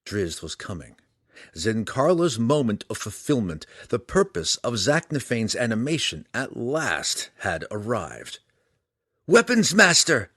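A man reading a fantasy audiobook aloud, in a dramatic, lively way. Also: on the low side, a little slow, dry recording, clean studio sound. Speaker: audiobook reader.

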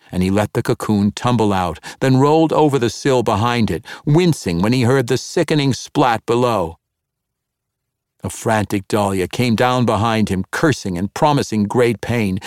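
A man narrating a fantasy audiobook in a measured, expressive reading. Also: mid-range voice, no echo, clean studio sound.

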